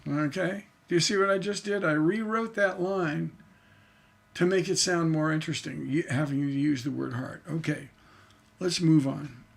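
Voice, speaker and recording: A man's voice: a little high, moderate pace, creaky, breathy edge. A man teaching songwriting on a livestream, talking to himself as he works and chanting rhythms aloud to show his point.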